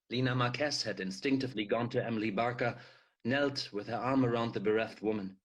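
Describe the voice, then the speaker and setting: A man reading a novel chapter aloud with expressive delivery. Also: mid-range voice, brisk. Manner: expressive read-aloud with shouted dialogue. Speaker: reader.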